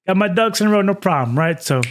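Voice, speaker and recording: A man's voice: sits high, quick pace, slight background noise. A young man co-hosting a casual podcast, telling a story with lots of laughter. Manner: animated storytelling, laughs often. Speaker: podcast co-host.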